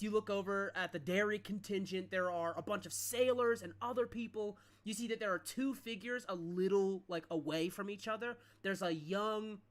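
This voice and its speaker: A game master describing the scene in a tabletop game, at a middle pitch. The narration rambles and is packed with fillers as the speaker searches for words. The delivery is casual and unscripted. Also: fairly bright tone.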